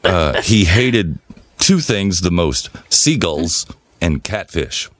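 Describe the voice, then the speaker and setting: Deep-voiced guy on a podcast, rambling and swearing, dry close mic. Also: slow pace, no echo. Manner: relaxed rambling storyteller, swears freely. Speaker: podcast co-host. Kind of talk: casual chat, storytelling.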